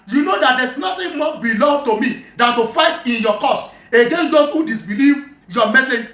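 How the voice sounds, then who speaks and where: A bright, high voice that moderates a heated religious debate. It reads scripture in slow, measured lines, then cuts in forcefully and tells others to calm down. The sound carries a roomy echo.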